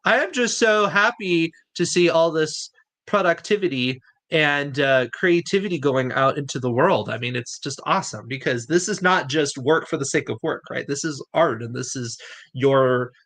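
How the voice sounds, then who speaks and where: A man's voice: fairly high pitch, lively intonation, moderate pace, fairly bright tone. A man hosting a livestream chat, enthusiastic and rambling, who laughs often. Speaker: host.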